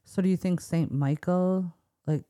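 A podcast co-host in casual chat, reacting with quick interjections and questions. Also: mid-range voice, fairly even intonation, mellow, no echo, clean studio sound.

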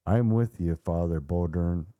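A man's voice: sits low, a little slow, warm tone. A man putting on a cheeky joking young man. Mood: jokey.

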